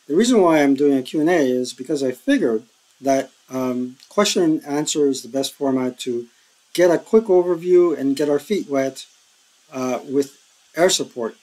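A man's voice: medium pitch, lively intonation, normal speed, a little mellow, poor audio. A man hosting a board game tutorial, casually explaining rules step by step with frequent ums and uhs.

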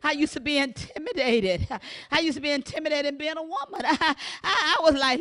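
High bright-voiced woman preaching fervently. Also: animated, moderate pace, hardly any pauses. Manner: fervent, shouting in bursts, then dropping to hushed talk. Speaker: pastor. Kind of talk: sermon.

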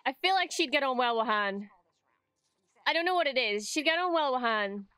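A young woman streamer reacting to a TV episode at home, talking casually and breaking into quick, excitable exclamations. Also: sits high, smooth, dry recording. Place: home room, wrapped in a blanket.

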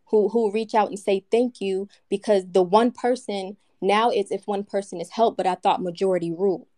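A woman in her thirties calling in to a live stream, calmly pushing back with counterpoints. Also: medium pitch, moderate pace. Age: 30s. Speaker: livestream caller. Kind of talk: debate.

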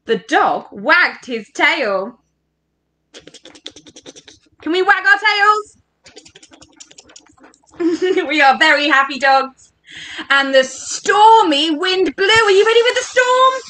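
For children joining an online workshop, an English woman reads a story interactively from her home setup. She speaks slowly, brightly, and high in pitch, full of animation as she invites the kids to participate.

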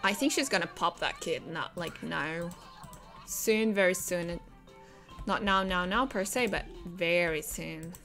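Slow-talking woman commenting on gameplay. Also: lowish voice, vocal fry, fairly bright tone, soft background music. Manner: chatty, talks to the game characters, laughs often.

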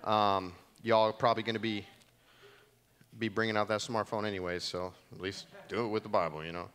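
A man's voice: lowish voice, fairly even intonation, fairly quick, fairly bright tone. A man preaching a conversational, jokey sermon to a church congregation, acting out voices in his stories. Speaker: pastor.

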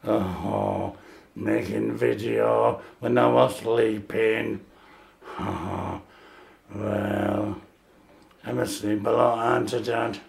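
A big, lazy male dog, voiced by a man, speaking deep and slow as if half asleep. The voice is gravelly and drawn out. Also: fairly even intonation, full character voice. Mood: drowsy. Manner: drowsy, slow and low.

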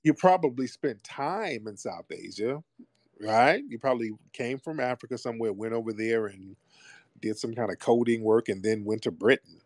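A man's voice: mid-range voice, moderate pace, no echo, clean studio sound. A man hosting a call-in radio show, questioning a caller in a teasing, mocking way.

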